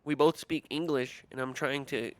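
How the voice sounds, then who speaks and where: A man's voice: mid-range voice, fairly even intonation, moderate pace, slight background noise. A young man streamer telling stories in a casual, profane, exasperated rant, mimicking the people he quotes. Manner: profane, exasperated ranting with mock-quoted voices. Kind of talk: casual livestream storytelling rant.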